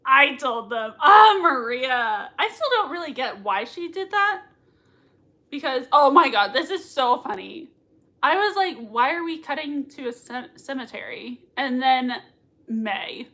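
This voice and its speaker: A woman hosting a live reaction stream at home. She gushes excitedly, laughs often, and reads out viewer comments between her own reactions. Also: sits high, a little slow. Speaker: livestream reaction host.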